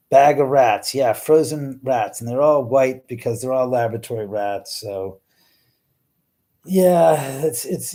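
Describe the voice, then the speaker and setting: A middle-aged man hosting a live stream, chatting casually with viewers and reading their comments, animated, with frequent swearing and trailing restarts. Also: mid-range voice. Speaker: livestream host.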